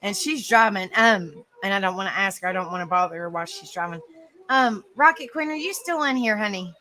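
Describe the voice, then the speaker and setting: A woman's voice: mid-range voice, animated, fairly quick, pushed and bright, low-quality recording. A woman hosting an open panel in casual chat, rambling with lots of fillers and frequent giggles.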